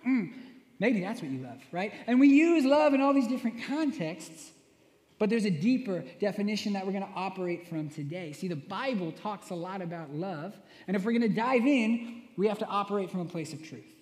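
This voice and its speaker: A man's voice: sits high, animated, a little fast, a little mellow. A young man preaching a sermon, telling playful self-mocking stories and often asking "right?". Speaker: worship minister preaching. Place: church sanctuary. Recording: echoey long hall reverb.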